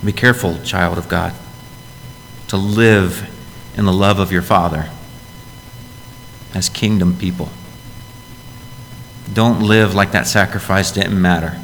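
A pastor with a lowish, gravelly voice preaches in a church, earnest and direct, often turning questions on his listeners. He speaks slowly with a steady, fairly bright tone and frequent pauses. Long reverb rings around his words over a faint low rumble.

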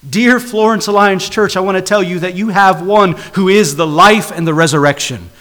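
A man's voice: high-pitched, moderate pace, fairly bright tone. A man preaching a sermon, earnest and rhythmic, building emphasis with repeated phrases. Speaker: pastor.

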